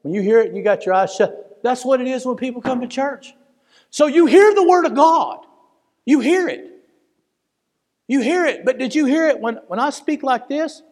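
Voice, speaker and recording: A man preaching with a very high voice and fervent emotion. He moves from loud pleading to hushed tones. His words ring out with long reverb in a church hall. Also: normal speed. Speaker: pastor. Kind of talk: sermon.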